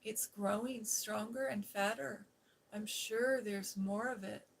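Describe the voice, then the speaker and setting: A woman voicing a prickly young girl in a storybook, close to her own soft voice. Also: medium pitch, steady tone, takes it slowly, gravelly, breathy edge, full character voice. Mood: blunt, curious.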